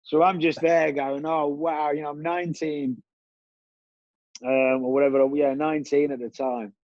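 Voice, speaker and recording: A man's voice: a little high, little pitch movement, moderate pace, darkish tone, no room sound, lo-fi sound. A man, a guest telling long stories in a rambling way, with many restarts and fillers. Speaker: interview guest, former footballer. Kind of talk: relaxed storytelling.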